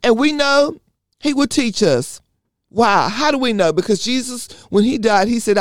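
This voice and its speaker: A man with a notably high voice preaches to a small group, earnest and rhythmic, stacking up repeated phrases. The sound is dry and close, with no room echo. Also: expressive, moderate pace. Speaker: Bible study leader. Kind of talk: preaching sermon.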